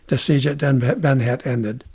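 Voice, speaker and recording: An older man from Minnesota, a guest telling war stories in a halting, earnest way, with many restarts and "you know"s. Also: medium pitch, steady tone, crowd noise. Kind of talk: casual interview storytelling.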